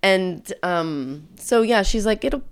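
A woman's voice: mid-range voice, expressive, slow, clean tone, dry recording. A middle-aged woman co-hosting a podcast in casual chat, talking in an emotional, chatty way with frequent restarts. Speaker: podcast co-host.

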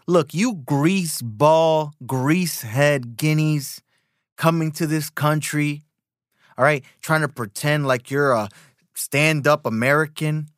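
A scornful older politician who drawls out his insults slowly, as a man puts him on. His contempt comes through in the clipped delivery, which sits close to the performer's own voice. The recording is dry. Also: a little high, a bit bright, dry recording. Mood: sneering.

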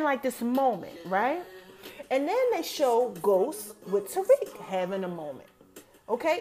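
A woman, recapping a TV episode in a casual, animated way, talking straight to her listeners and acting out the characters' lines. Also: high-pitched. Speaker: show recapper.

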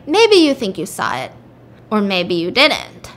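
A woman's voice: mid-range voice, wildly swooping pitch, measured pace, a bit bright, full character voice. A woman voicing a stern, skeptical female detective who lectures in a condescending way.

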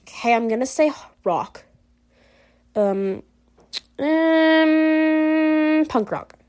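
Speaking very slowly in a high voice with a darker tone, this woman narrates her way through a story game. Her let's-play commentary is giggly and laid-back, with spoken reactions to every decision she makes.

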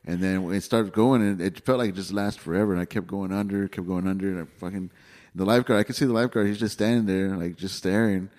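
A man's voice: sits low, steady tone, quick pace, a little mellow. A man, hosting a casual chat, laid-back and profane.

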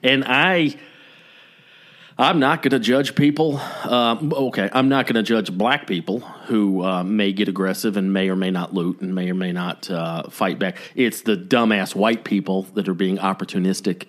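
A man's voice: on the low side, fairly even intonation, moderate pace. A man co-hosting a casual podcast chat, talking in a rambling, hesitant way with many fillers and restarts. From United States. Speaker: podcast co-host. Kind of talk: casual conversation.

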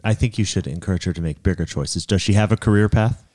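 A man's voice: sits low, quick pace, darkish tone, no echo. A man co-hosting a podcast, giving mock-serious advice in a dry, joking manner. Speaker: podcast co-host. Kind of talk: casual chat.

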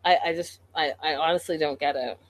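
A woman's voice: sits low, fairly even intonation, a little fast. Exasperated woman recapping a show. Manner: exasperated, incredulous, talks straight to the show's people. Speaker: reality TV recap commentator. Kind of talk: casual commentary recap.

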